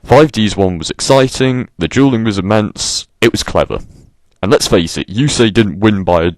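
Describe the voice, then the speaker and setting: A man's voice: lowish voice, animated, moderate pace, no room sound. A man delivering an exasperated, sarcastic rant and swearing freely. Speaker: vlogger. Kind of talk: ranting monologue.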